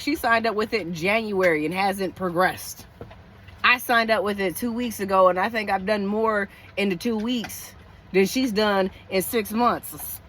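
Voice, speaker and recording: Rambling middle-aged woman venting. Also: a bit bright. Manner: rambling, frank, with frequent restarts and swings in pitch. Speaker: vlogger living in her truck. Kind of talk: casual venting to camera. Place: lying down inside her parked truck.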